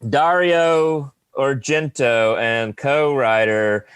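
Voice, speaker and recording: A man's voice: medium pitch, steady tone, extremely slow, a bit bright, clean tone, no echo. A man with a Southern US accent co-hosting a film podcast, laid-back and a little hesitant as he reads out trivia. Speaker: podcast co-host. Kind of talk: casual film podcast chat.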